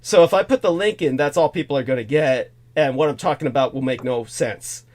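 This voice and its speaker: A man hosting a talk show, ranting in an animated, indignant way with many fillers, restarts and curses. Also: mid-range voice, fairly quick. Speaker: host.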